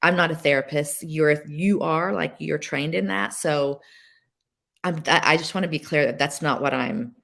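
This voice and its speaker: A woman guest sharing a personal story on a podcast, emotional and halting, with many fillers and restarts. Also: deep voice, creaky, a bit bright. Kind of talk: candid personal testimony.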